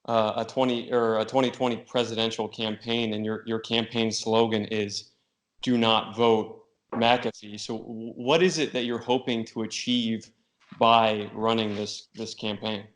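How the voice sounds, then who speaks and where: A man's voice: lowish voice, level tone, unhurried. Polite male interviewer. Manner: polite, hesitant questioning. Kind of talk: casual interview questions.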